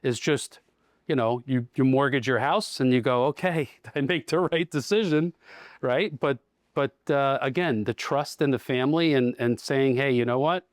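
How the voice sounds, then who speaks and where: A man's voice: mid-range voice, normal speed, dry recording, studio quality. A middle-aged man, a dealership general manager, talking casually in a podcast interview and telling stories with acted-out dialogue. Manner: storytelling, acts out quoted dialogue.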